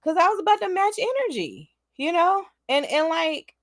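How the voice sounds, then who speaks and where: A woman tells a story to her viewers in a casual vlog, her high voice swooping up and down as she laughs and talks to them directly. The sound is close and dry, with no room around it. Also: moderate pace, no room sound. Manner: animated, laughs often, talks straight to her audience. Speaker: vlogger.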